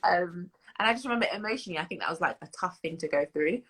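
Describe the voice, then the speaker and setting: A young British woman in her twenties speaks as an interview guest, her voice low and a little husky. She talks thoughtfully and loosely, circling back with fillers and restarts. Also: expressive, racing, fairly bright tone, low-quality recording. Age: 20s. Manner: reflective, many fillers and restarts, laughs as she tells stories. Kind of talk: interview conversation.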